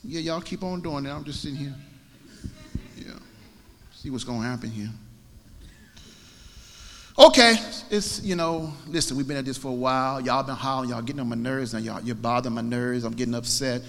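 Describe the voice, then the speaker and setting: A man's voice: mid-range voice, fast, vocal fry, few pauses, big-room sound, slight background noise, natural voice. A man preaching voices a bold, confident male prophet who taunts his rivals in loose, modern slang. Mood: taunting.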